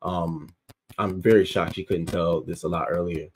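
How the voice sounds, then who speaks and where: Low-voiced man ranting on a stream. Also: steady tone, normal speed, a little mellow, slight background noise, low-quality recording. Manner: emotional, profane, reads viewer comments aloud. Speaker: livestream news host. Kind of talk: casual reaction commentary.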